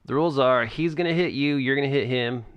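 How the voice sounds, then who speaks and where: A man's voice: medium pitch, fast, smooth, no room sound, lo-fi sound. A man narrating a tabletop game as game master, casual and hesitant.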